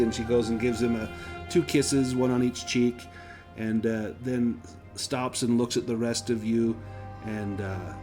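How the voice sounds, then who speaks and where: A male game master narrates a tabletop role-playing game in a mid-range voice. He describes scenes at an unhurried pace, pausing with fillers as he goes. Faint music plays behind him. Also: mid-range voice.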